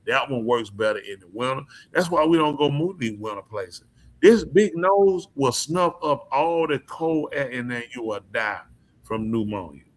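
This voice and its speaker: A man with an animated, mid-range voice runs a podcast, offering his opinions at normal speed. He's casual yet emphatic and preachy, often turning to ask his listeners questions.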